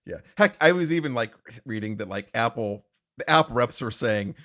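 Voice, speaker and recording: A man's voice: medium pitch, lively intonation, moderate pace, a bit bright. A man co-hosting a podcast, rambling in casual chat, restarting sentences and laughing often. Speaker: podcast co-host.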